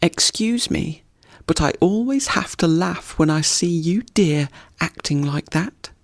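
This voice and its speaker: A man doing a shrill, cackling woodpecker. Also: animated, unhurried, gravelly, no room sound, clean studio sound. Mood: gleeful. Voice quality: shrill, laughing. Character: cackling cheeky male woodpecker.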